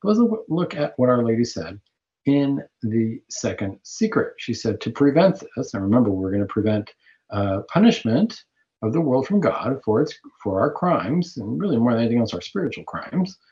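A man's voice: medium pitch, big pitch swings, moderate pace, darkish tone. Man, Catholic radio host, earnest preaching monologue, dull lo-fi sound. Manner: earnest, preaching, with fillers and restarts. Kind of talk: radio talk show monologue.

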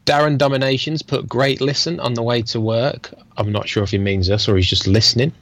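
A man co-hosting a podcast, reading out listener messages in a dry, low-key manner with frequent murmurs of agreement. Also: fairly even intonation, brisk, fairly bright tone, dry recording. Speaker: podcast co-host. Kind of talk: casual chat, reading listener feedback.

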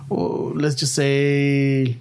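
A man, telling profane, animated stories in casual chat and slipping into Spanish. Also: medium pitch, very slow, clear, resonant tone.

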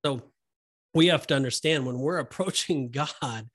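Guy on a christian podcast, earnest and preachy, lots of um and restarts, mid pitch. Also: moderate pace, fairly bright tone. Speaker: podcast co-host. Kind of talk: casual Bible discussion.

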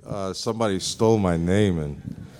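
A man answering fan questions as a guest on stage, pausing often with "uh" and chuckling as he tells stories. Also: sits low, darkish tone. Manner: halting, many "uh"s, chuckles often. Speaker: celebrity guest on a fan panel. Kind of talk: casual stage Q&A. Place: large half-full stadium stage.

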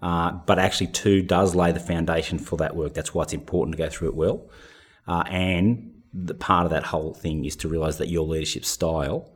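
Guest spot: man, deep husky voice, pastor answering thoughtfully on a podcast, plays himself down. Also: steady tone, brisk.

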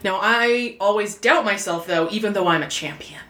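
A woman's voice: mid-range voice, normal speed, a bit bright, echoey room. A woman player introducing her game character, bubbly and laughing often.

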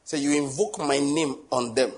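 A middle-aged man preaching a sermon, animated, asking rhetorical questions and acting out little scenes. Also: mid-range voice, normal speed.

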